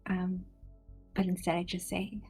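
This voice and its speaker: A woman's voice: on the low side, monotone, a little slow, darkish tone, slightly rough, faint music behind. A woman playing a tabletop game, speaking hesitantly with fillers and restarts. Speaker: player.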